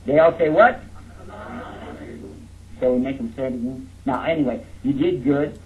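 A man's voice: medium pitch, normal speed, slight background noise. A man from Texas, giving a jokey, interactive lecture and coaxing his audience to repeat words after him. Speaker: speaker teaching a live audience. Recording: narrow phone-like lo-fi sound.

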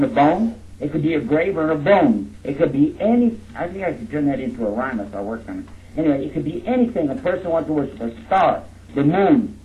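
Man, jokey interactive lecture, coaxes audience to repeat, higher male voice, tinny phone-like recording. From Texas. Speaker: speaker teaching a live audience. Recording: narrow phone-like lo-fi sound.

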